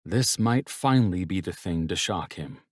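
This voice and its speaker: Deep-voiced male audiobook narrator. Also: animated, moderate pace, slightly rough, no echo, studio quality. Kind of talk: first-person audiobook narration.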